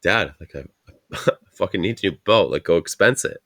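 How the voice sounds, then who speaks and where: A low-pitched man speaking at a moderate pace hosts a podcast from Canada. His story rambles, he swears all the time, and he retells it with animation in a casual, profane manner.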